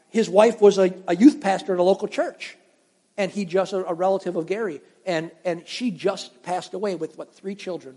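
A man's voice: high voice, dark tone. A middle-aged man preaching a sermon as pastor, talking conversationally and telling stories while putting questions to his congregation. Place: church sanctuary. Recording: long hall reverb.

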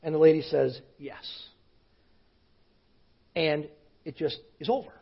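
A male pastor preaching in a conversational storytelling way, often dropping to a hushed voice. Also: on the high side, steady tone, fairly quick, creaky, breathy edge. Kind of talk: sermon storytelling. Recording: dull lo-fi sound.

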